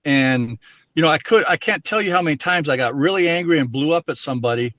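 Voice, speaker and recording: A man's voice: fairly high pitch, fast talker, a bit bright, no echo. Earnest man, dull dry sound. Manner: earnest, explains with everyday examples. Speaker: interview guest. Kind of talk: candid personal interview talk.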